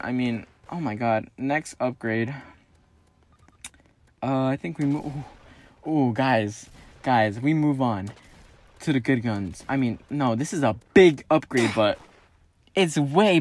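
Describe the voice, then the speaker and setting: A man giving casual gameplay commentary to his viewers, excitable and slangy, swinging between mumbled asides and sudden yells. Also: medium pitch, takes it slowly, pauses often, a little hiss or hum. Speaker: mobile game streamer.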